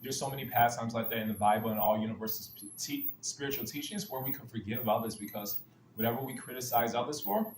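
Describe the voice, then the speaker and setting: In an earnest spiritual talk built on Bible stories, a man often restarts sentences and leans on stock phrases. His mid-range voice is animated and fast, with a little hiss or hum, and the recording has a roomy echo and faint ambience.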